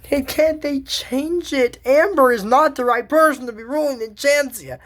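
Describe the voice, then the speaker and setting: A woman's voice: sits high, normal speed, a little hiss or hum. A woman casually recapping and commenting on a cartoon episode, rambling and correcting herself as she thinks aloud. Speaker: show commentator.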